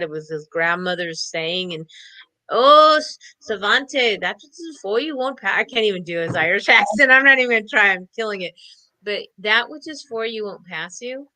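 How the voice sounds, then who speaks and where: Woman, co-host, chatty, upbeat, bright tone, dry close sound. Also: on the low side, no room sound, low-quality recording. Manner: chatty, upbeat, laughs often. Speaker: co-host doing card readings. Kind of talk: casual online show chat.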